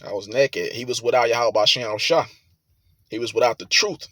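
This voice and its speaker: Forceful swearing man preaching. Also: mid-range voice, moderate pace, no room sound. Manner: forceful, swearing, rises to loud emphatic reading. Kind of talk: scripture reading with sermon commentary.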